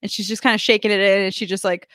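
A woman co-hosting a podcast in casual chat, telling lively anecdotes and acting out what people said. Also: mid-range voice, racing, no echo, clean studio sound. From United States. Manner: animated storyteller, acts out quotes with laughs. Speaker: podcast co-host.

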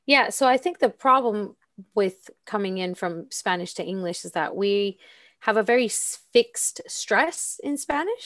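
A woman with a mid-pitched voice talks easily in a relaxed podcast discussion, laughing between points. Her voice sounds close and dry, with no room around it. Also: dry recording. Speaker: language teacher. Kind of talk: casual educational podcast chat.

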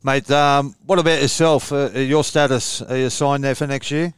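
Clear-voiced Australian radio co-host. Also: male voice, medium pitch, steady tone, moderate pace, no room sound. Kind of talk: casual studio chat.

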